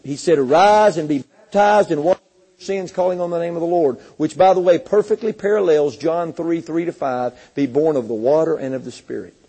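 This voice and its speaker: Male preacher, high husky voice, impassioned sermon delivery with scripture readings. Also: brisk, dark tone, poor audio.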